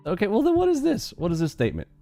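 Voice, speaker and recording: A man's voice: high voice, huge pitch swings, very fast, gravelly, dark tone, faint music behind. A man hosting a day-trading live stream, brashly mocking and talking back to his chat.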